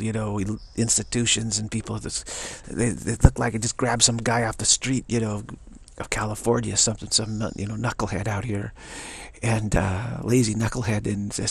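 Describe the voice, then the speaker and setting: A man's voice: fairly low pitch, level tone, normal speed, vocal fry, slightly rough, no room sound. A man giving a casual spiritual talk, rambling, chuckling and repeating phrases. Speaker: spiritual teacher.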